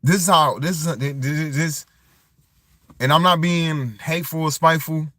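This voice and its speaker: A man's voice: on the high side, a little slow, sharp tone, dry recording. A man talking in a loose, rambling vlog monologue, circling back and restarting his thoughts as he goes. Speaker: vlogger. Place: tent.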